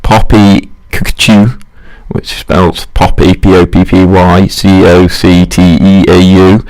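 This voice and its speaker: A man's voice: sits low, level tone, slow, darkish tone. A young man rambling through a casual solo monologue, self-mocking and chuckling at his own jokes.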